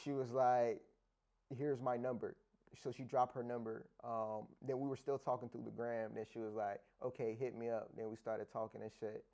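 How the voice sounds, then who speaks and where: A man from Africa, an interview guest telling stories in a casual, animated, profane slang style, acting out dialogue in other voices. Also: on the low side, a little fast, creaky, hardly any pauses. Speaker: interview guest, sports bettor. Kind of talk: casual storytelling chat.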